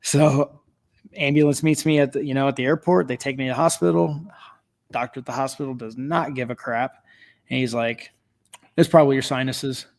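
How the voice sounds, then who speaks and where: A middle-aged man, guest on a podcast, recounting a story in relaxed conversation. His pitch sits in an ordinary middle range. He talks in an animated, chatty way, breaking into laughter and peppering his sentences with fillers. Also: a little fast, creaky. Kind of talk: casual storytelling.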